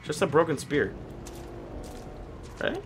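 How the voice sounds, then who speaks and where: A man's voice: a little high, huge pitch swings, takes it slowly, a little hiss or hum. A man casually commenting on his own gameplay as a video host, rambling and talking to himself, with a cracky voice that breaks now and then. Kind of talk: casual let's-play commentary.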